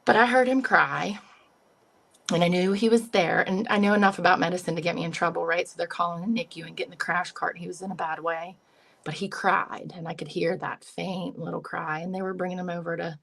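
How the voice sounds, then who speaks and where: A woman's voice: lowish voice, steady tone, fairly quick, gravelly, a bit bright. A woman, a psychic medium, earnestly telling an emotional personal story as an interview guest, often quoting her own thoughts. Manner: earnest and emotional, retelling with self-quotes.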